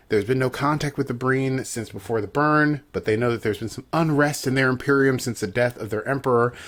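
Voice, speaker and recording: Chatty, jokey man recapping an episode. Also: mid-range voice. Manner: chatty and jokey, riffing with asides. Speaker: podcast co-host. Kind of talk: casual episode recap chat.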